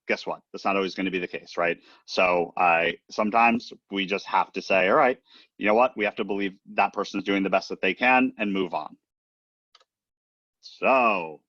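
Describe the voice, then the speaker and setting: Chatty low-voiced man giving a talk. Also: a bit bright, no echo, dull audio. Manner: chatty, leans on "right?" and "um" as he talks. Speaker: recruiter and trainer. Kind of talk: casual presentation.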